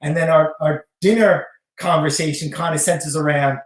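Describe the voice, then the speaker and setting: A man co-hosting a casual live stream with his wife, easygoing and quick to laugh. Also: a little high, steady tone. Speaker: co-host, husband. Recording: echoey room.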